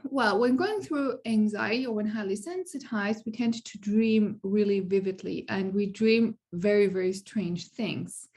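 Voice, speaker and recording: Woman coach, medium pitch, calm and reassuring explainer, casual. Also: measured pace, few pauses. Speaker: anxiety coach.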